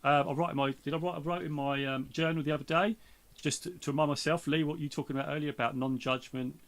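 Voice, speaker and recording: A man's voice: a little high, steady tone, fast, a bit bright. A man hosting a podcast in casual chat, rambling with lots of fillers and restarts. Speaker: podcast host.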